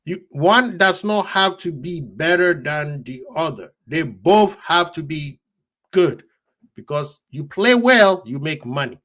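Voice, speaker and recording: A man hosting a football fan live stream, talking casually and excitedly to his chat, laughing often. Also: fairly high pitch, takes it slowly.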